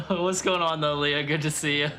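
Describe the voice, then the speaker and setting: Bright-voiced joking male streamer. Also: a little high, steady tone, moderate pace, soft background music. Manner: joking, crude, talks straight to chat. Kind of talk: casual gameplay chat with viewers.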